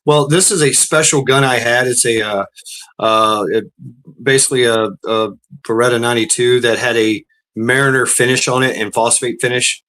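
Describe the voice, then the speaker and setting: A man tells stories casually, with plenty of cursing and repeated starts. His voice sits at a middle pitch and has a bright, forceful edge. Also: fairly even intonation, normal speed. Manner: profane, rambling, repeats words. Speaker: storyteller. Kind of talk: casual storytelling.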